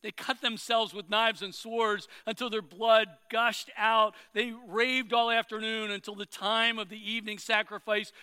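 A man's voice: high voice, flat delivery, a little slow, few pauses, sharp tone, clear, resonant tone, in a large hall. A man preaching, retelling a scripture story dramatically with swelling emphasis.

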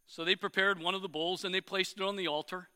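Bright-voiced man telling a scripture story. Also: high voice, steady tone, quick pace, clear, resonant tone, in a large hall. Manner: dramatic storytelling, swelling for emphasis. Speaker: preacher. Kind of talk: sermon retelling scripture.

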